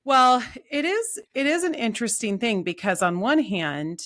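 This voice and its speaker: A middle-aged woman co-hosting a podcast, speaking in a thoughtful, measured way and leading the topics. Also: a little high, very animated, fairly bright tone. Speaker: podcast co-host. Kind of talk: casual podcast chat.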